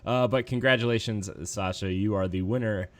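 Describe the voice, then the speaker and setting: A man with a voice on the low side hosts a laid-back gaming podcast at a normal pace. He rambles easily and relaxed, with plenty of filler words.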